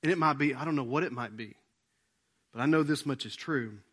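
A middle-aged male pastor preaching a sermon, swinging between loud appeals and hushed lines and acting out quoted prayers. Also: medium pitch, brisk, slightly rough. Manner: acts out quoted prayers and asides.

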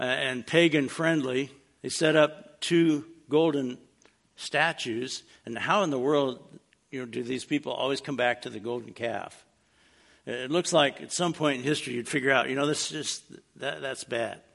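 A man's voice: mid-range voice, gravelly, fairly bright tone. A man preaching a casual, plainspoken sermon, dropping in wry humorous asides as he teaches. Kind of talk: conversational sermon.

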